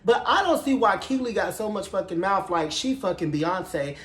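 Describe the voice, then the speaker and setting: A TV show recap reviewer with a high voice runs through an episode in a sassy, profane, gossipy way. He delivers it at a moderate pace with animated flair, in an echoey room.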